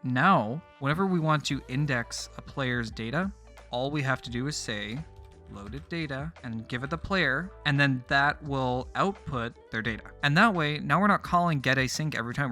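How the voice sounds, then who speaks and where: A man hosting a coding tutorial, calmly explaining his code step by step with casual fillers. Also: mid-range voice. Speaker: tutorial host. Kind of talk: screen-recorded coding tutorial.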